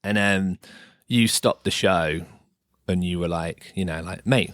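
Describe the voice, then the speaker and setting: Low-voiced podcast host, dry and close. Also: male voice, fairly even intonation, a little slow, a bit bright, clean tone, no echo. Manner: rambling, hesitant, many restarts and ums. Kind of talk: casual chat.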